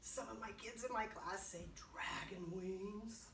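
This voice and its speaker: A woman with a medium-pitched, fairly even, slightly bright voice speaks at a measured pace over slight background noise. She's a children's librarian leading a kids' music and movement class, cheerful and encouraging, using playful sound words. The distant mic gives the recording a roomy sound.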